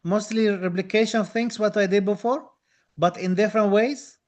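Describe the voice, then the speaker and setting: Enthusiastic high-voiced male dental tutor. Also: fairly even intonation, normal speed, a little mellow. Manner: enthusiastic, reads out viewer comments, repeats phrases. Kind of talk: live online lesson.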